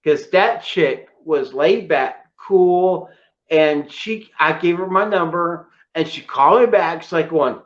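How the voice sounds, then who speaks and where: Excitable high-voiced man, lively and slow. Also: lo-fi sound. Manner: excitable storyteller, emotional and choked up at times. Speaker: co-host showing his collection. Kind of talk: casual chat.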